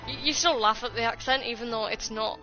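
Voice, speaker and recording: A British woman with a faint Scottish lilt, talking loosely and cursing freely while she plays on stream. Her voice sits a touch high, and the audio is slightly muffled under steady game music. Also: fairly quick. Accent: British with a Scottish tinge. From United Kingdom. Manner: chatty, swears freely, laughs often. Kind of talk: casual gaming stream chat.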